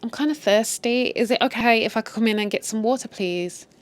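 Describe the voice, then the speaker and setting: A woman's voice: a little high, brisk, natural voice. A woman voicing a flirtatious stranger who coyly asks to come in for water. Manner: soft, coy.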